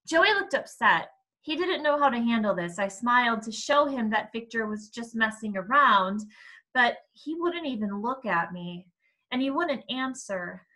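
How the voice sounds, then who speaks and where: A woman reading a novel aloud with expressive first-person narration. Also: a little high. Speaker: reader.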